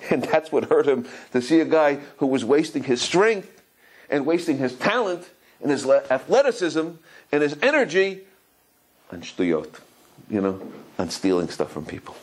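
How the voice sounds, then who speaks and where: A man, a rabbi, giving a Torah lecture, telling stories animatedly, often repeating and restarting words, and acting out quotes with sudden high cries. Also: normal speed, rough recording. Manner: animated storytelling, acts out quotes with high exclamations.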